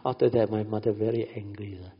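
A middle-aged man with a low, husky voice and a Malaysian English accent tells a family story, often tossing in "you know". His voice carries a long hall reverb, and the recording sounds dull. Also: fairly even intonation, quick pace. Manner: chatty, frequent "you know", light laughs. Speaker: speaker recounting a family story. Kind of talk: storytelling talk.

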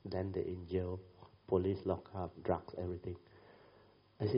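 A man's voice: low voice, fairly even intonation, a little fast. A middle-aged man giving a Buddhist talk, telling a family story in a chatty way, often adding tag questions and laughing as he goes. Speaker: Buddhist teacher. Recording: dull lo-fi recording.

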